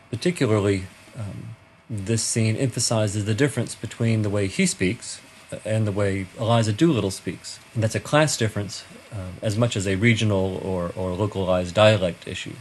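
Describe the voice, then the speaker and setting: A male teacher lectures in a measured way, pausing on frequent ums. His voice is somewhat low and husky. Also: darkish tone. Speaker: literature teacher. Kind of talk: recorded lecture.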